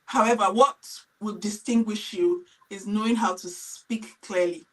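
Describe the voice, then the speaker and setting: A woman's voice: mid-range voice, fairly even intonation, a little slow, far from the mic, poor audio. A middle-aged woman teacher on a live-stream panel, giving earnest, explanatory advice about teaching abroad. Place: lives in England.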